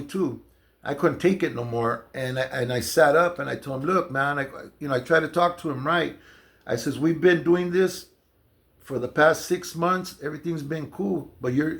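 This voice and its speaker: Gravelly-voiced man telling a story. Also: fairly high pitch, fairly bright tone. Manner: loose, conversational, many fillers and restarts. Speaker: storyteller recounting jail experiences. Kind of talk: casual storytelling monologue.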